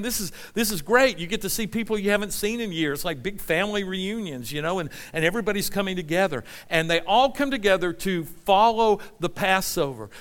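A man's voice: fairly high pitch, fairly bright tone. A man preaching a conversational sermon, reading scripture and acting out voices. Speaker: pastor.

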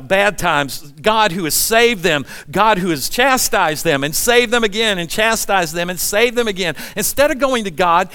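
A man in his sixties preaching a sermon in a relaxed, conversational storytelling way, often asking the congregation questions. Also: high-pitched. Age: 60s. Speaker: pastor.

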